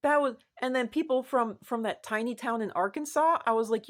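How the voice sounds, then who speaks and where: A woman vlogger talking casually to the camera, rambling and repeating herself, with sudden animated rises in her voice. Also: fairly high pitch, a little fast. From United States.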